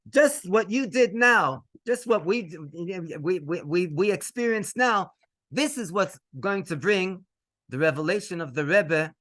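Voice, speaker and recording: A male rabbi telling a story in a lively way, mixing in Hebrew phrases and laughing between lines. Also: on the high side. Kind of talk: storytelling to an audience.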